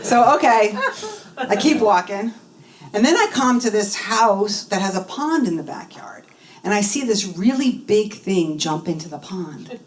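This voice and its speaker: A woman giving a personal testimony talk at a spiritual center, telling her story in an animated way and acting out the dialogue. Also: medium pitch. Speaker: guest speaker. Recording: voice from a distance from the mic.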